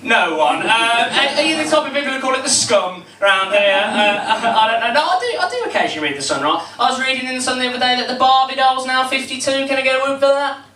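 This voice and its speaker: A man's voice: very high voice, expressive, fast, sharp tone, distant mic. An eighteen-year-old man doing rambling, chatty stand-up comedy and teasing the crowd. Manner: rambling, chatty, crowd-baiting, many fillers. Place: comedy club stage. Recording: echoey room, heard from afar, noisy.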